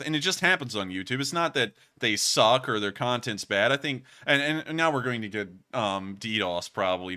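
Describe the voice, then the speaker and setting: Male streamer host with a bright, clear voice, chatty and meandering as he answers super chats. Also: fairly low pitch. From United States. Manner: rambling, earnest, frequent fillers and restarts. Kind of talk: casual livestream chat.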